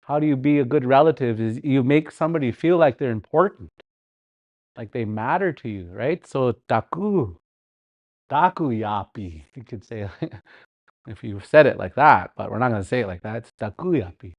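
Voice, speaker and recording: A middle-aged man teaches a language class over livestream, repeating words slowly, chanting lines from songs and laughing a lot. His voice is medium in pitch, with no room sound.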